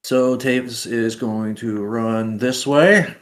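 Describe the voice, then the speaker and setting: A man describes his moves in a tabletop game, chatty and a little hesitant. His voice sits at a plain middle pitch. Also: fairly even intonation, takes it slowly. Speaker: player.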